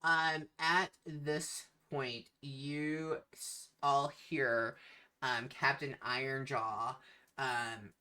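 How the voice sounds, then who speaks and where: A game master narrating a tabletop game in an unhurried way, with many fillers. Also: medium pitch, little pitch movement, bright, forceful tone, clear, resonant tone.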